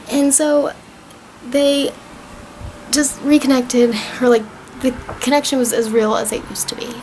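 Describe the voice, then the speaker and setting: A woman's voice: fairly high pitch, creaky, darkish tone, a little hiss or hum, rough recording. A young woman vlogger casually recapping a TV season, rambling and gushing as she retells scenes.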